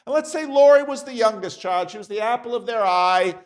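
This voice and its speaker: Male Sunday school teacher, high and lively voice, unhurried, chatty classroom delivery. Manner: conversational, acts out voices in examples. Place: church classroom.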